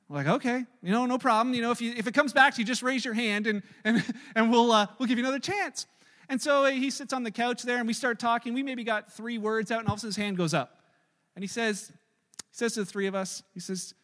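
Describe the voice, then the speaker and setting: A middle-aged man preaching a sermon, telling family stories in an animated way and acting out the dialogue. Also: extremely high pitch, fast. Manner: storytelling, animated, acts out dialogue. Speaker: pastor. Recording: long reverb of a large hall.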